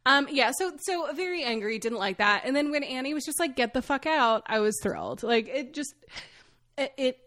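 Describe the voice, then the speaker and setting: A woman co-hosting a podcast in casual chat, candid and quick to laugh, swearing freely. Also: on the high side, creaky, fairly bright tone, no echo, clean studio sound. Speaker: podcast co-host. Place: podcast recording setup.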